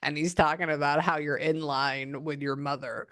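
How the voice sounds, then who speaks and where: A woman's voice: low voice, steady tone, moderate pace, fairly bright tone, no echo, clean studio sound. A woman psychic medium giving a casual reading, thinking aloud and exclaiming often.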